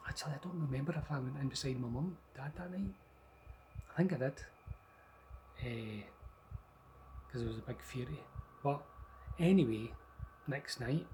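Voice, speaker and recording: A man's voice: a little high, darkish tone, a little hiss or hum, rough recording. Scottish man telling a ghost story. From Scotland. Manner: rambling, conversational, with restarts. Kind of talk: casual spoken ghost story.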